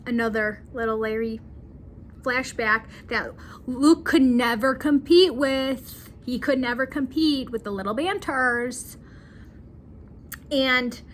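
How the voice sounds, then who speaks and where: A woman talks through a movie plot in a slow, unhurried way, her voice sitting a little high. She retells the scenes with dramatic flair, and a faint hiss lies under the recording. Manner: chatty, dramatic retelling with acted quotes. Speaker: movie reviewer. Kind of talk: casual movie recap.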